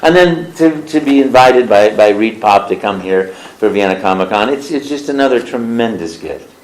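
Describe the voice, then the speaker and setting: A man being interviewed as a voice actor, telling stories in an animated way and slipping into character voices. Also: on the low side, moderate pace, reverberant, poor audio. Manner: lively storyteller who slips into character voices. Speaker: voice actor guest. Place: convention interview room.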